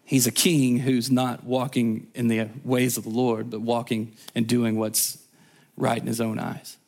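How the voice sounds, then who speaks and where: A man's voice: medium pitch, flat delivery, unhurried, a little mellow. A man preaching a sermon as a guest speaker, in a casual, chatty way with offhand asides. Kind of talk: conversational sermon.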